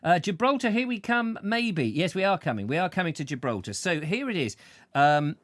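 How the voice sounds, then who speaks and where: Male host, chatty and goofy, lively fairly high voice. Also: a little fast, no room sound. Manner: rambling, playful, stumbles over names and jokes around. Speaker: show host. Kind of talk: chatty live-stream banter.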